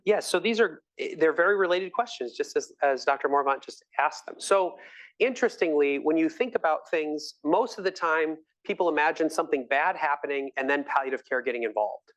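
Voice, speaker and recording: A man's voice: on the high side, brisk. A middle-aged man, a physician, answering audience questions at a live lecture with enthusiastic, storytelling energy. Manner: enthusiastic, warm storytelling with laughs. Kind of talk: live grand rounds Q&A.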